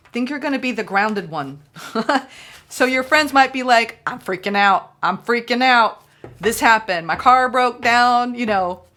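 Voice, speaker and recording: A woman giving a tarot reading in a casual, reassuring way, often checking in with "okay?" and acting out people's reactions. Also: mid-range voice. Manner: reassuring, keeps asking "okay?"; animated, acts out quoted reactions. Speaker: tarot reader.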